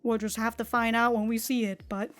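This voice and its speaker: A woman's voice: a little high, little pitch movement, a little fast, a bit bright, faint music behind. A woman hosting an anime reaction, chatting casually in a rambling, giggly way and tripping over her own restarts. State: running out of breath.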